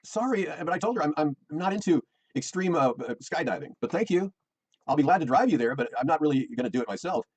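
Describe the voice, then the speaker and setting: A man's voice: a little high, animated, fast talker, breathy edge, rough recording. A middle-aged American man, rambling and defensive, repeating himself as he complains about his personal life. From United States.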